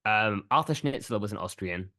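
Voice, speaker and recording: Casting: male podcast co-host, very low voice, loose and rambling, dry close mic. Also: normal speed, dry recording. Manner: relaxed, rambling, many "um"s and "like"s. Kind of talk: casual film discussion.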